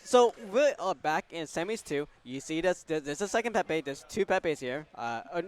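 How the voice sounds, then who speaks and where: A man's voice: on the high side, expressive, moderate pace, a little hiss or hum. A man co-commentating a live esports tournament in a laid-back, rambling way and laughing often.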